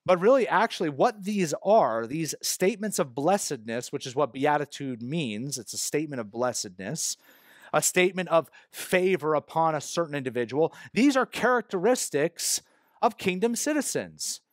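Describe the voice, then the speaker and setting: A man's voice: on the high side, sing-song, normal speed, no room sound. Emphatic preaching man, dry close sound. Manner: explanatory, conversational preaching with emphatic stresses. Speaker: pastor. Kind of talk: sermon. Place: church.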